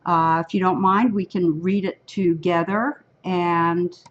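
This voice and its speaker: A woman with a raspy voice leading an online prayer service and reading a psalm aloud slowly and solemnly, heard over a computer microphone on a video call. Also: on the low side, fairly even intonation, muffled recording.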